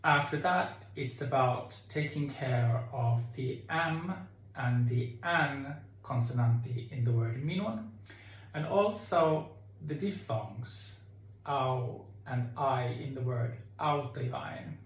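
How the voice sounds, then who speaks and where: Male choir director, slow deliberate delivery, very reverberant room. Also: mid-range voice. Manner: explains calmly, sings phrases to demonstrate. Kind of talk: choir singing tutorial. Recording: echoey room with keyboard.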